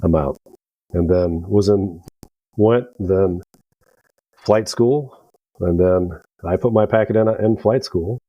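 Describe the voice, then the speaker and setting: A man's voice: fairly low pitch, mellow, no room sound, lo-fi sound. A middle-aged American man, a veteran guest on a podcast, telling rambling stories with profanity and acted-out dialogue. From United States. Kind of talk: casual storytelling.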